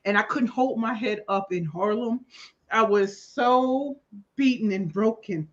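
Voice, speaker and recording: A woman appearing as a talk show guest, telling her personal story candidly and emphatically, with sudden loud bursts on key words. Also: a little high, a little slow. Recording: slightly dull lo-fi audio.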